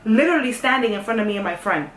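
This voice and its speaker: A young woman tells a story in a sassy, animated way, swinging from hushed to loud. Her voice sits a little high. She sounds a bit far from the mic, in an echoey room. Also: rapid-fire, very noisy. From New York. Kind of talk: casual storytime.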